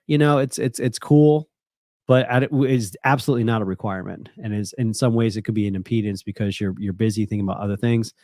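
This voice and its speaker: A man's voice: fairly low pitch, a little mellow, dry recording, clean studio sound. A man, a jet broker, chatting casually with live-stream viewers between cold calls in an upbeat, direct way.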